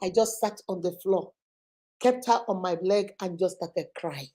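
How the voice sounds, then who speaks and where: A Nigerian woman in her forties with a Nigerian accent, hosting and telling a personal story in an animated, dramatic way with frequent laughter. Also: lowish voice, unhurried. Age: 40s. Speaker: host. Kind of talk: storytelling to viewers.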